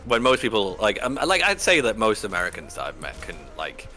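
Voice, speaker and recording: A man's voice: lowish voice, huge pitch swings, brisk, pushed and bright, faint music behind. A man, streaming and chatting casually, rambling with lots of fillers and the odd swear. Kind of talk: casual chat.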